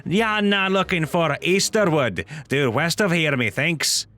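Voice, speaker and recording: A man's voice: fairly high pitch, animated, measured pace, sharp tone. A man voicing an apologetic, chatty male gnome townsman giving directions.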